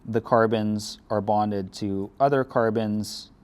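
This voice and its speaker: Low-voiced man giving a chemistry lecture. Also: steady tone, takes it slowly, a little mellow. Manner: casual, explains step by step, dry sarcasm. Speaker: chemistry instructor. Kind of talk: classroom lecture.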